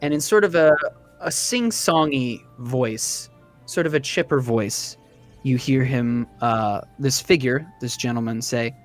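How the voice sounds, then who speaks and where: A man's voice: medium pitch, unhurried, faint music behind. A man narrating as dungeon master in a tabletop game, loose and chatty with fillers and laughter.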